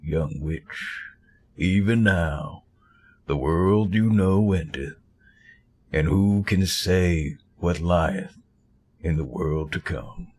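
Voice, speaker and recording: A man's voice: deep voice, darkish tone, husky, voice pushed down, heavily acted. A man putting on a grave Southern forest god. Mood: solemn. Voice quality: solemn, archaic speech. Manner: slow, grave pronouncements. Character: man in costume posing as a solemn forest god. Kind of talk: reading game dialogue aloud.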